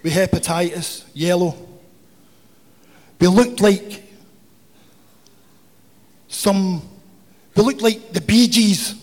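A man shares his recovery story, blunt, swearing and funny. His voice sits high for a man. The long reverb of a meeting hall trails every line. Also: slow, long pauses, a little mellow. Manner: swearing, humorous, confessional. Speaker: recovery speaker.

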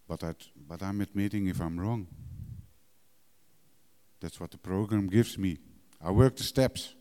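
Blunt middle-aged man, warm low voice, reverberant. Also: clear, resonant tone. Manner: blunt, emotional, swears freely, broken English phrasing. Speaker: recovering addict sharing his story. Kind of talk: candid personal testimony. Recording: long hall reverb.

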